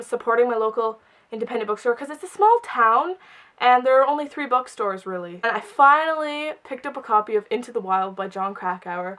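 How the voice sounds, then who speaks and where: Bubbly young woman, higher voice. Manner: bubbly and excitable, lots of "like". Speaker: book vlogger. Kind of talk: casual chat to camera.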